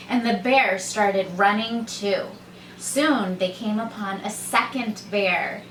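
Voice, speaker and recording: A woman who reads a children's story aloud slowly and gently, as a teacher. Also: mid-range voice, slight background noise. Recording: echoey room, mic far off, faint ambience.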